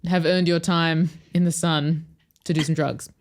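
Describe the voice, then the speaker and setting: A woman co-hosting a podcast, recapping a TV episode in loose, joking chat and breaking into sudden high squeals. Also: steady tone, measured pace. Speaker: podcast co-host.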